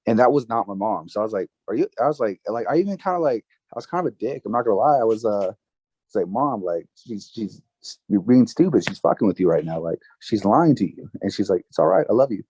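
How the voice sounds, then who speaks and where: Low-voiced young man telling a personal story. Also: expressive, a little mellow, slightly rough, dry recording. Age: 20s. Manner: casual, halting, many fillers and restarts; emotional, recounting grief. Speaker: guest.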